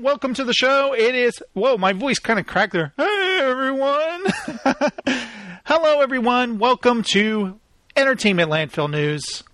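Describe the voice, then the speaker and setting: A man's voice: high voice, sharp tone, no room sound. A man in his thirties hosting a solo podcast, goofy and self-mocking, with his voice cracking. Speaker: podcast host.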